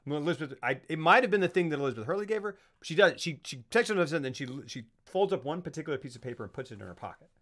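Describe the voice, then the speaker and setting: A man's voice: fairly high pitch, animated, rapid-fire, few pauses, fairly bright tone. A man co-hosting a casual film review chat, retelling scenes in mock quotes and swearing freely. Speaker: podcast co-host.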